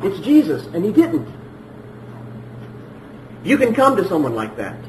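A man preaching a sermon emphatically, repeating phrases and swinging between loud and hushed. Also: sits high, wildly swooping pitch, measured pace, echoey room, a little hiss or hum, rough recording.

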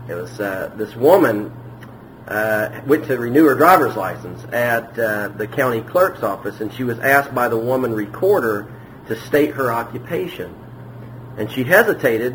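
A man preaching in a church, talking through his sermon in a loose, conversational way with plenty of pauses and restarts. His voice sits at a middle pitch. A faint hiss of background noise runs under the recording. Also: fairly bright tone, rough recording. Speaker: pastor.

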